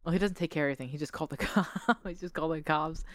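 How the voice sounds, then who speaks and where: A woman podcast host telling a casual story with animated quoted voices and frequent laughs. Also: low-pitched, racing.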